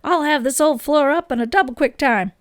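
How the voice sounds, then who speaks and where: A woman reading aloud and voicing an eager, impulsive boy who speaks loudly and insistently. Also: sits high, fairly quick, dry recording, studio quality, pitched above the performer's own voice, close to an everyday voice.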